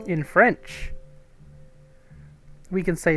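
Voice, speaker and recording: A man's voice: a little high, expressive, unhurried, soft background music. Chatty man streaming a story game. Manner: chatty and amused, reading choices aloud with fillers. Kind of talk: live gameplay commentary and reading.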